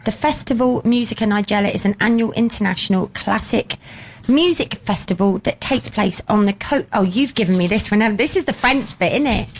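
A woman's voice: mid-range voice, lively intonation, a little fast. A woman from England co-hosting a radio show, chatting playfully and reading out news items. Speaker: radio co-host. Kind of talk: casual radio chat.

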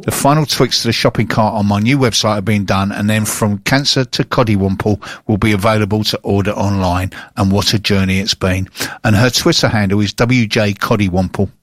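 A man's voice: lowish voice, fairly quick, hardly any pauses, dry recording, studio quality. An English man hosting a radio show, chatting casually and teasing his co-host in a jokey way. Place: radio studio. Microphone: studio microphone.

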